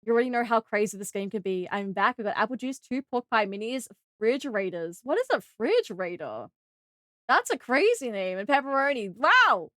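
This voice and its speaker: Young Australian woman streamer, excitable and chatty, high lively voice, dry close sound. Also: moderate pace, no room sound. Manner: bubbly, excitable, gasps and squeals when greeting viewers. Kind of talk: live gaming stream chat.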